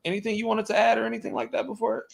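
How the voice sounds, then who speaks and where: A man's voice: high voice, fairly even intonation, racing, gravelly, a loud crowd. A man hosting a podcast, chatting casually in a joking, slangy, laid-back way. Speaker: podcast host. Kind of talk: casual chat.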